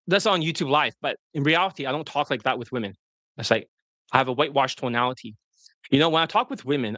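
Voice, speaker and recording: A man talking fast and rambling as a dating coach on a livestream, often breaking off mid-sentence. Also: mid-range voice, bright, forceful tone, no room sound. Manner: fast, rambling, self-interrupting.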